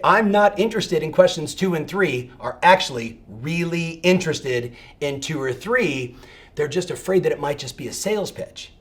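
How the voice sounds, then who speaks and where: A middle-aged man giving an energetic coaching talk to real estate agents, emphatic and fired up, often checking in with "right?". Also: on the high side.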